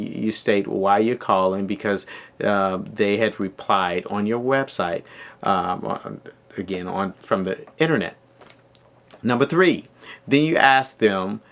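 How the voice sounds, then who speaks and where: Low-voiced man teaching with many ums. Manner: hesitant with many ums, then lively role-play of phone calls. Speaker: network marketing trainer. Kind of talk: audio training lesson. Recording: dull lo-fi audio.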